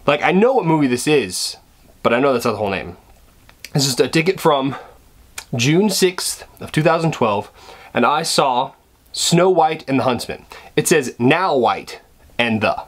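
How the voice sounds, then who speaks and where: A young man chats to camera from his room at home, rambling and joking at his own expense. He stumbles and restarts often, and his animated pitch jumps up and down as he goes. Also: normal speed, long pauses. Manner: rambling and self-deprecating, with frequent restarts. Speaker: vlogger. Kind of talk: casual chat to camera. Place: bedroom at home, indoors.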